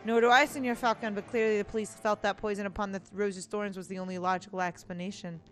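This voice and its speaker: A woman gives voice to a courteous young prince in a game, with flowery, formal phrasing and a stilted put-on foreign accent. The pitch sits in a middling range, and faint game music plays underneath. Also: flat delivery, quick pace, natural voice. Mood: recounting. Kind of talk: reading game dialogue aloud.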